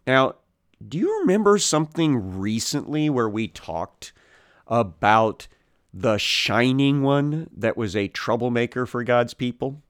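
A man giving a Bible teaching talk, speaking deliberately with many pauses and "uh" fillers, and explaining the origins of words. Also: medium pitch, lively intonation, clear, resonant tone, no echo, clean studio sound. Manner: explains word origins, corrects himself mid-sentence.

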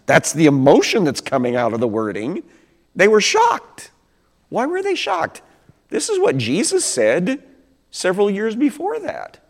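Conversational preacher in an echoing hall. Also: male voice, on the high side. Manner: conversational, rhetorical questions, acts out quotes. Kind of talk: sermon, Bible teaching. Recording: long hall reverb.

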